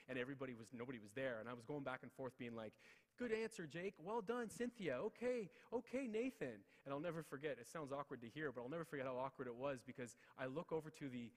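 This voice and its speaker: A quick, energetic man tells stories from a stage through a headset mic. He acts out the people in his stories in raised voices, and his words ring with a long hall reverb. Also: medium pitch. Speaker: keynote speaker. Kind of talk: motivational storytelling speech. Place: large ceremonial hall.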